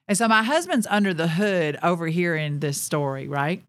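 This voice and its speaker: Chatty woman podcast host, low voice. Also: lively intonation, fairly quick, few pauses. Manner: chatty, lots of fillers and laughs. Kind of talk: casual storytelling. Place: studio.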